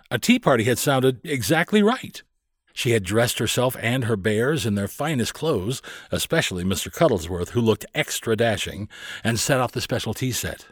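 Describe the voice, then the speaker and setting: A man narrating a children's storybook aloud with expressive, lively storytelling, close to the mic. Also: fairly low pitch, no room sound. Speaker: audiobook narrator.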